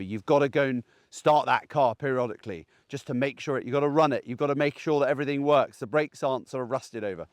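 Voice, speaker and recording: A man who trains gundogs talks through his advice outdoors in a field, keeping it chatty and plain-spoken and asking "okay?" again and again. His voice is on the high side, captured in studio quality with no echo.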